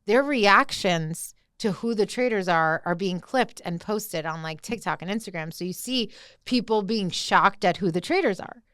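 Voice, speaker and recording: A young woman co-hosting a casual pop-culture podcast, animated and peppered with "like". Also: mid-range voice, normal speed, clean tone, no room sound, clean studio sound. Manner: animated, lots of "like" fillers. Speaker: podcast co-host.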